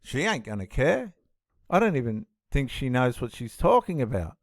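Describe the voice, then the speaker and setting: A man's voice: mid-range voice, big pitch swings, normal speed, no room sound, studio quality. A man giving indignant, emphatic reaction commentary on a clip, often repeating himself.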